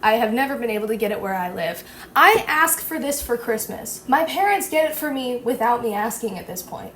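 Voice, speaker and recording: A young woman with a slightly high voice chats playfully through a casual home how-to vlog. She gushes and jokes as she goes. A faint hiss sits under the recording. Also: lively intonation, brisk, a bit bright. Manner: chatty, playful and gushing. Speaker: vlogger.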